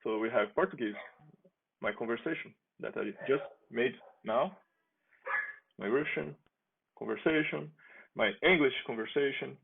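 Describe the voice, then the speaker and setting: Male developer, casual screen-demo delivery, unhurried and creaky, thin lo-fi phone-like audio. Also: mid-range voice, background noise. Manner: relaxed, chatty, with frequent restarts and small laughs. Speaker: software developer demoing his app. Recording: tinny phone-like sound.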